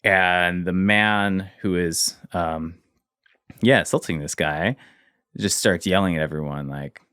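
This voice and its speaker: Low-voiced man telling a story casually. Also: slow, smooth, no room sound, clean studio sound. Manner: casual, fills with "like", trails off quietly. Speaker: guest. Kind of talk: storytelling in an interview.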